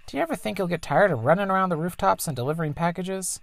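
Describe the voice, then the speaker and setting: A player voicing a middle-aged female engineer mother in a video game, reading her lines in a higher, lively, affectionate voice. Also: fast, vocal fry, no echo, lightly acted. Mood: earnest. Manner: bright, teasing, affectionate. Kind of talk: reading game dialogue aloud.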